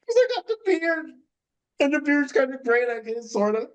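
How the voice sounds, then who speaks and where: A young man co-hosting a podcast, rambling through match recaps in a casual, animated way with lots of filler words. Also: very high-pitched, moderate pace. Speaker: podcast co-host.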